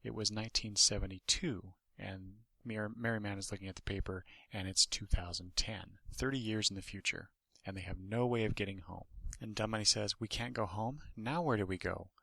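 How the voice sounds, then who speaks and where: A man's voice: lowish voice, steady tone, a little fast, vocal fry, few pauses, bright, forceful tone, dry recording. A man hosting a podcast, casually reviewing a comic book in a rambling way, with many restarts and asides.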